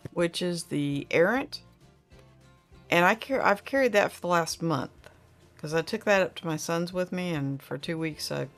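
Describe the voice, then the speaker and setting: A middle-aged woman, hosting a casual livestream chat and reading viewer comments aloud in a rambling, friendly way. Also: lowish voice. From Oklahoma.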